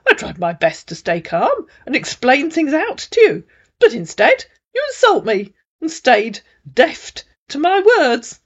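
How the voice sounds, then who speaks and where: A woman's voice: high voice, huge pitch swings, unhurried, slightly rough, lo-fi sound, pitched above the performer's own voice, full character voice. A woman voicing an aggrieved male online scammer posing as a surgeon, protesting in a plaintive, self-righteous way.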